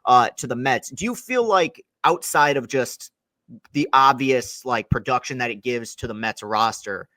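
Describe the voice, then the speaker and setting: A man's voice: mid-range voice, unhurried, pushed and bright, no echo. A young man hosting a casual sports interview podcast, rambling through long questions with frequent restarts. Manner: rambling, self-correcting, long wind-up questions. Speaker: podcast host.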